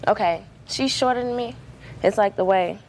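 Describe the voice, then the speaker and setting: A woman's voice: medium pitch, normal speed, a little mellow, a little hiss or hum, poor audio. A young woman testifying as a defendant in court, telling her story in a rambling way with many fillers.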